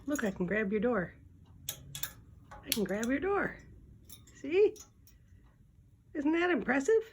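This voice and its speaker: A woman's voice: sits high, big pitch swings, slow pace, slight background noise. A woman at home talking to her parrot in playful, cooing baby talk, teasing and sing-song. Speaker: pet owner filming her parrot. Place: indoors at home.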